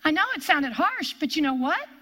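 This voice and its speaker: A woman's voice: high voice, very animated, fairly quick, sharp tone. A woman preaching a sermon, emphatic, repeating key phrases and drawing out her stresses.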